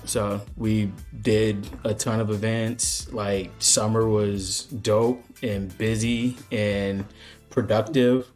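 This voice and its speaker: A man co-hosting a radio show, talking in a relaxed way and thinking aloud with many fillers. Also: lowish voice. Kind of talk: casual radio show chat.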